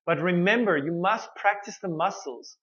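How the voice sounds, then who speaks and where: A man teaching English pronunciation, modelling words slowly and repeating each one with exaggerated mouth shapes. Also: high-pitched, a bit bright, muffled recording. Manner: slow, drawn-out modelling of words with many repeats. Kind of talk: pronunciation lesson.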